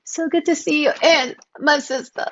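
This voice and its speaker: On a true-crime livestream with muffled lo-fi sound, a woman from Oklahoma co-hosts with bubbly energy, chatting and calling out viewers by name. Her high-sitting voice is fairly bright, with fairly even intonation and a normal speed.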